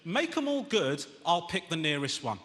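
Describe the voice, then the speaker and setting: A man doing a stand-up comedy routine, ranting in exasperation and rising to shouts. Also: on the high side, big pitch swings, moderate pace. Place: large theatre stage. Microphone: stage microphone. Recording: echoey theatre, long reverb, audience noise.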